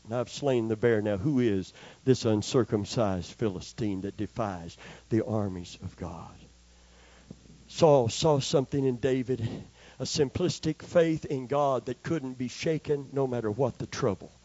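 A man's voice: mid-range voice, measured pace, mellow. An older male preacher telling a homespun story in his sermon and calling for amens from the congregation. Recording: slightly dull, dry recording.

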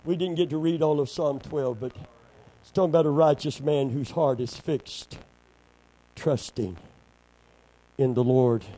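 A man's voice: fairly high pitch, a little slow, long pauses, warm tone, poor audio. Fervent male preacher calling for amens. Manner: fervent call-and-response. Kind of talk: sermon.

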